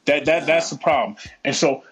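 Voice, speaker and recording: A man's voice: a little high, moderate pace. A man in his forties co-hosting a casual podcast chat, blunt and profane, ranting freely. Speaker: podcast co-host.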